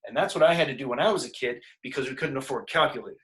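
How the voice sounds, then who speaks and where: A man's voice: medium pitch, rapid-fire, a bit bright, low-quality recording. A man teaching a casual math lesson, working problems aloud with jokes and asides. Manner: joking, thinks aloud while working problems. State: out of breath.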